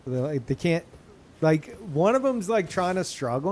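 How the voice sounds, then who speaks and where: Excitable, swearing male game streamer. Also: on the high side, slow, pauses often, soft background music. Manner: excitable, swears freely, laughs often; talks to chat. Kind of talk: casual live gameplay commentary.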